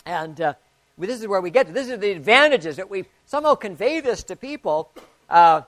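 Male pastor, sermon story, slightly high voice, dry and close, lively swings between hushed and loud. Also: brisk, no room sound.

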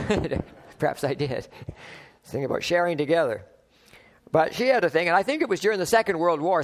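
A man, a pastor, preaching a conversational sermon, acting out little dialogues and chuckling between points. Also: on the high side.

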